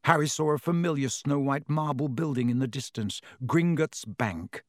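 A man reading an audiobook in a measured, expressive storytelling manner. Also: a little high, no room sound, studio quality. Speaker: narrator. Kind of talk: audiobook narration.

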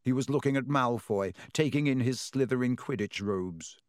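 A man narrating an audiobook with expressive, clear storytelling into a close mic. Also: mid-range voice, moderate pace, no room sound.

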